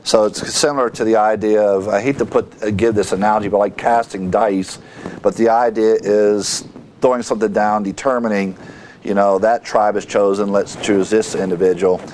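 A man teaching a verse-by-verse Bible lesson, reading scripture aloud and explaining it with halting asides and fillers. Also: on the low side, fairly even intonation, a little mellow, a little hiss or hum.

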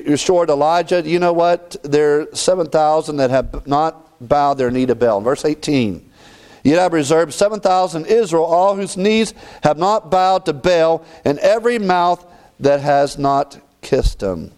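Expressive male preacher, slightly high. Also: measured pace. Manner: expressive, swings between raised and hushed delivery. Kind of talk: sermon.

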